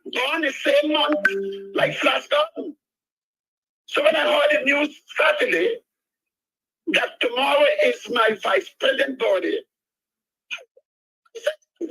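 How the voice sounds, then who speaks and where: High gravelly older caller. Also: male voice, wildly swooping pitch, bright, forceful tone, dry recording, rough recording. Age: 60s. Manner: rambling, impassioned, drawn-out words. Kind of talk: call-in talk radio.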